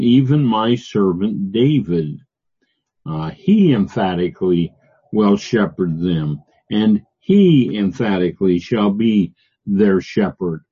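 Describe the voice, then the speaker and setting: A man teaching through Bible verses, reading passages aloud and explaining them in a halting way with many fillers, stressing key words. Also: on the low side, breathy edge. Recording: dull lo-fi recording.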